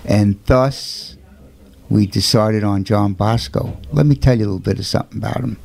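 A man with a gravelly, slightly mellow voice tells the story of a saint at a moderate pace. His delivery is informal, earnest and emphatic, full of rhetorical questions, and his pitch climbs whenever he quotes someone.

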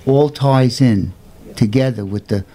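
A man's voice: measured pace, warm tone. A man telling the story of a saint in an informal, earnest way, with emphatic rhetorical questions. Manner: earnest, emphatic, rhetorical questions, raises pitch for quoted voices. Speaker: storyteller presenting a saint's life.

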